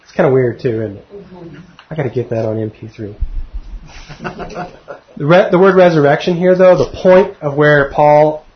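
A man's voice: on the high side, moderate pace, pauses often, slight background noise. A middle-aged man teaching verse by verse through a Bible passage, conversational and often putting questions to his listeners. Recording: dull lo-fi recording.

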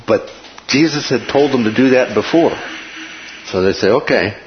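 A man hosting a casual Bible discussion, animated and laughing often as he acts out quotes. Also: mid-range voice, normal speed. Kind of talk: casual Bible study chat. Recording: dull lo-fi room recording with noise.

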